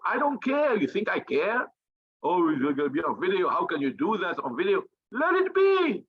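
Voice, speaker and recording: Male speaker, high pitch, combative and profane, hammers his points by repeating them, muffled lo-fi recording. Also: a bit bright. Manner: blunt, profane, combative, emphatic repetition. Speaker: think tank leader. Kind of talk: fiery motivational talk.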